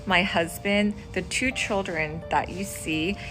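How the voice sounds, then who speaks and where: A woman's voice: fairly low pitch, fairly even intonation, takes it slowly, a bit bright, faint music behind. A mother earnestly telling about a strange video she recorded, explaining carefully. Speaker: mother sharing a personal video. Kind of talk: earnest storytelling to camera.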